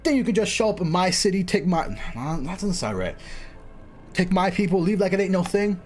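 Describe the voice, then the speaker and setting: A man's voice: sits high, lively intonation, fairly quick, darkish tone, a little hiss or hum. A man voicing a cocky male penguin boss in a slangy, half-sure attempt. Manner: clumsy, slangy, unsure attempt.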